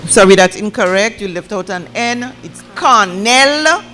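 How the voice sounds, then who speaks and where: A woman's voice: mid-range voice, expressive, moderate pace, fairly bright tone, faint music behind. A woman acting as pronouncer at a spelling bee, saying each word twice and spelling out corrections letter by letter. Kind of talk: competition announcing.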